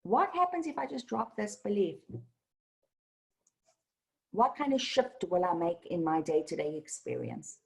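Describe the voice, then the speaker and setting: A woman who is a spiritual teacher, giving practical advice in a casual satsang talk with animated, lively delivery. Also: medium pitch, a little slow, gravelly, long pauses, rough recording.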